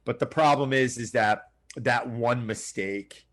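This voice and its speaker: A man's voice: medium pitch, measured pace, fairly bright tone. A middle-aged man, a personal trainer, talking in a casual podcast interview with an earnest, coaching manner, often acting out his clients' lines. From Long Island, New York.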